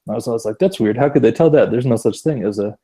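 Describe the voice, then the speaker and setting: A man's voice: mid-range voice, rapid-fire, dark tone, slightly rough. A man co-hosting a podcast, talking in a laid-back, thoughtful way with fillers and easy laughs. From Wisconsin. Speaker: podcast co-host. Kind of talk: casual chat.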